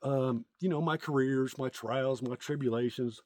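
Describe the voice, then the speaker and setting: A man's voice: mid-range voice, moderate pace, darkish tone, no echo, clean studio sound. A middle-aged man telling crude, rambling jokes outdoors in a casual comedic vlog, with many ums and uhs. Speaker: content creator.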